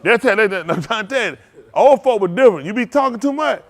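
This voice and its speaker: A male pastor telling stories from the pulpit, his voice swinging widely up and down. He sits a touch higher than most men and laughs easily, looping back over his own phrases as he acts out what others said. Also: fast talker. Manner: animated folksy storytelling with frequent laughter; repeats and restarts phrases, acts out quotes. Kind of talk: storytelling sermon.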